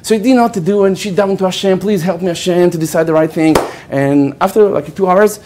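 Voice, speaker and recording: A man's voice: sits high, fast, background noise. A man with an Israeli accent, a rabbi giving a storytelling lecture, laughing often and checking in with "okay" as he goes. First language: Hebrew.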